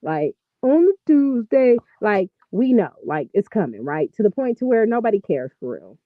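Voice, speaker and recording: A woman giving casual gossip commentary on a vlog, talking in an animated, profane, exasperated ramble. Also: medium pitch, moderate pace, no room sound, phone-quality sound. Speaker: vlogger.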